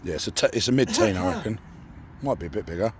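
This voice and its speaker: A lowish, slightly croaky male voice, still recovering from a cough. He chats easily by a lakeside, quizzing his mate and narrating the catch in casual commentary. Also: expressive, quick pace, a crowd in the background. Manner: banters and asks questions. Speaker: angler and channel host. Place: lakeside outdoors.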